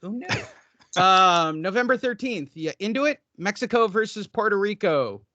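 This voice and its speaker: A man hosting a casual boxing podcast, excitable and joking, often cutting in with quick remarks. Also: sits high, no room sound. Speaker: podcast host. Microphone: headphones, podcast mic.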